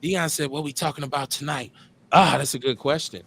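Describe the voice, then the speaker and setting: A middle-aged man with a Midwestern US accent, hosting a live call-in show in a relaxed, slangy way and repeating his phrases. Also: on the high side, fairly quick, breathy edge. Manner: laid-back, slangy, drawls and repeats phrases. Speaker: radio show host.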